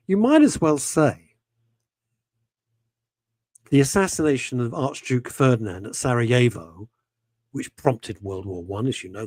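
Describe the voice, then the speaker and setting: A man's voice: mid-range voice, a little mellow, dry recording. A man hosting a radio talk show, voicing his opinions with passion and a lot of emphatic repetition. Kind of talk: casual talk radio chat.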